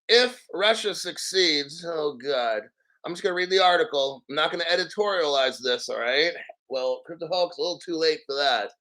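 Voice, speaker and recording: Man, high-pitched, bright forceful tone, profane, combative, mocking, frequent throat clearing, crypto vlog rant. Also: rough recording. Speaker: crypto channel host. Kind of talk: ranting commentary on a news article.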